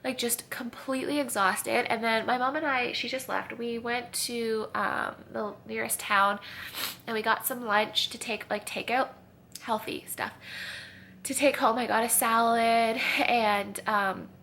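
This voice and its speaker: A woman's voice: on the high side, fairly even intonation, unhurried, gravelly, bright, forceful tone, a little hiss or hum. A young woman chatting to her camera at home, rambling and confessional, tired and tearful with sniffles. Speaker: vlogger. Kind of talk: casual chat. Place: at home in a kitchen.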